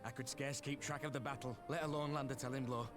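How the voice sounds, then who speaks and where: A man's voice: medium pitch, fairly even intonation, fast, close to an everyday voice. A man voicing a modest, self-deprecating warrior in video game dialogue, speaking in a formal, old-fashioned way. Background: loud game music.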